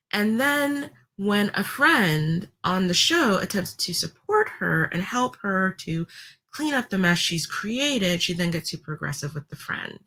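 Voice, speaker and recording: Wry, chatty woman with a lowish voice. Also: sharp tone. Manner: chatty, wry, with laughs and filler ums. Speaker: vlogger. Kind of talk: casual commentary vlog.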